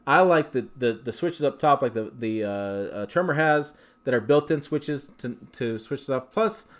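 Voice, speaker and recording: A man's voice: mid-range voice, expressive, moderate pace. A man hosting a casual livestream, reading viewer questions and answering them in a rambling, chatty way. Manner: rambling, chatty, with frequent fillers and restarts. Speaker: livestream host.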